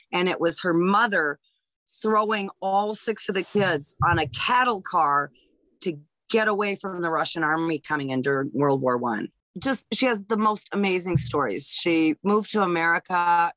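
A woman's voice: on the low side, no echo, rough recording. A woman in her fifties from Hawaii, a stand-up comedian, telling family stories in a casual interview with lots of restarts. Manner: animated storyteller, lots of restarts.

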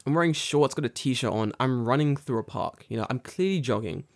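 Excitable swearing man. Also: mid-range voice, fairly quick. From United Kingdom. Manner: swears freely, excitable, laughs often. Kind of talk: casual chat.

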